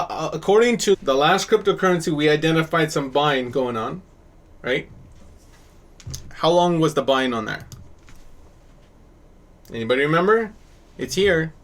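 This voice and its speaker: Animated man quizzing his class. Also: on the high side. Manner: quizzes the class, coaxing answers, animated bursts of praise. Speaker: crypto chart teacher. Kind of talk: live class teaching chart reading. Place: online class session.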